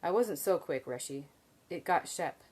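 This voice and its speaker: A woman voicing a playful, restless young man in a fantasy novel reading, with a teasing, sing-song delivery a little above her low reading voice. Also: expressive, a little slow, darkish tone, slightly rough, full character voice. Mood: subdued.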